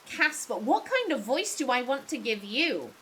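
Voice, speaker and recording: A woman's voice: high voice, very animated, normal speed, bright, forceful tone. A young English woman casually commentating as she plays a video game, chatty and full of theories. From England. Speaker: let's play streamer.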